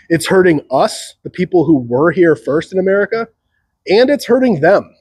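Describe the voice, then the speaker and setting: A man's voice: high voice, big pitch swings, moderate pace, darkish tone, slightly rough, dry recording. A man giving a rambling solo commentary. He uses many fillers and laughs between remarks. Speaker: channel host.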